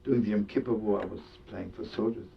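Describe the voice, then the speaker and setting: A man's voice: fairly even intonation, fast talker, gravelly. A man telling a story as a sermon, full of Yiddish words and laughter. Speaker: rabbi and storyteller. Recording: distant dull lo-fi recording with faint rumble.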